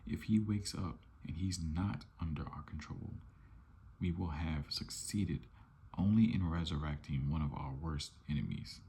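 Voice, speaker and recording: A man's voice: rumbling low, measured pace, dark tone, a little hiss or hum. A man voicing a bickering male villain twin scientist in a whispered role-play.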